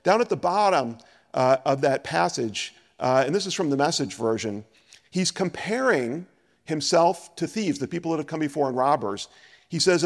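A man preaching a sermon as a pastor, animated and acting out scripture dialogue. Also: on the high side, vocal fry, in a large hall.

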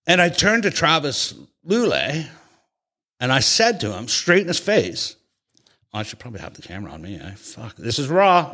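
A man's voice: medium pitch, breathy edge. A man hosting a casual chat, telling a long, rambling story with lots of restarts and swearing. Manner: rambling, profane, animated storyteller with many restarts.

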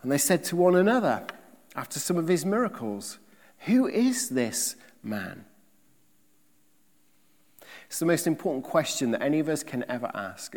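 Man, sermon, emphatic preaching, rhetorical questions, loud-soft swings, long church reverb. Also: fairly high pitch, animated, brisk.

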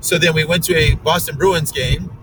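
A man's voice: on the high side, steady tone, normal speed, recorded from a distance, noisy background. Middle-aged man telling a rambling road-trip story. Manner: rambling, many restarts and fillers. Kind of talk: casual storytelling chat.

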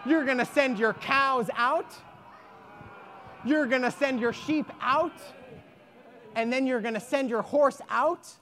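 A woman voicing a patient, wise male rabbi who speaks in a reassuring, steady way, as part of a story told aloud. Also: sits high, takes it slowly, pauses often. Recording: echoey hall.

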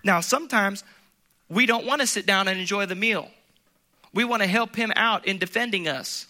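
A man preaching a sermon, swinging from loud emphatic peaks to hushed low passages, with laughs between points. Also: moderate pace, pauses often. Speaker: pastor.

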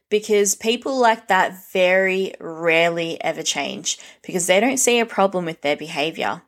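A woman's voice: lowish voice, lively intonation, normal speed, hardly any pauses. A young woman vlogging, giving a blunt, frank rant full of swearing. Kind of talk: casual rant to camera.

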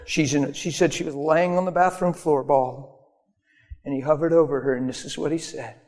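A man preaching in a large hall, his fairly high voice trailing off into long reverb. He tells a personal story with animated energy, acting out what others said. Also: moderate pace. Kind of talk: sermon.

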